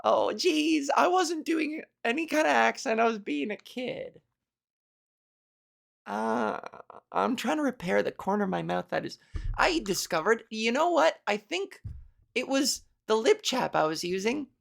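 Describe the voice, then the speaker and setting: A woman's voice: fairly high pitch, big pitch swings, normal speed, creaky. A woman comedian hosting a solo podcast, rambling and self-mocking, with lots of fillers.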